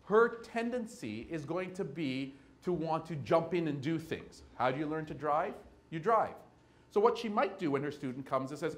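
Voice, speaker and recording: A man giving a keynote lecture, telling stories and acting out quick scenes between people. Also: fairly high pitch, slight background noise. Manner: animated, acts out little scenes with quoted voices. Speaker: keynote speaker. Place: lecture hall with audience.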